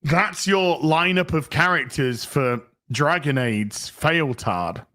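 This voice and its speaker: A British man hosting a ranting commentary, with a sarcastic, scornful, deadpan delivery. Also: fairly high pitch, slow. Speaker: host.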